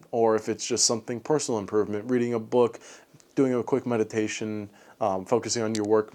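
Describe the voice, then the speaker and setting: A man's voice: lowish voice, darkish tone. A man giving a casual late-night vlog recap of his day, rambling with lots of fillers and ending with upbeat encouragement. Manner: talking a little fast late at night. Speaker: fitness vlogger.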